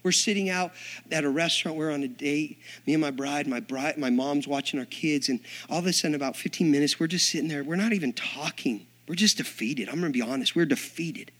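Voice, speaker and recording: Animated preacher man, hushed to shouting. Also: on the high side, brisk. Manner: animated, acts out dialogue, swings from hushed to shouting. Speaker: Assembly of God minister. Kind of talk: storytelling sermon.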